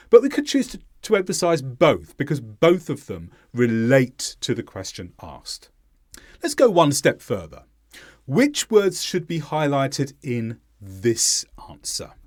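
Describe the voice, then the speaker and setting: A man teaching English pronunciation in a scripted lesson, speaking slowly and deliberately with heavy stress on key words. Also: mid-range voice, dry recording, clean studio sound.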